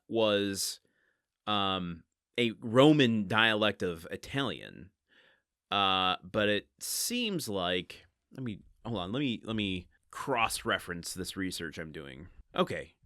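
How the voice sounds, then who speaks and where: Man, low voice, bright forceful tone, dry close mic, rambling podcast host. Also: no echo. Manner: rambling, self-deprecating, laughs and thinks aloud. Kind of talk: casual book podcast commentary.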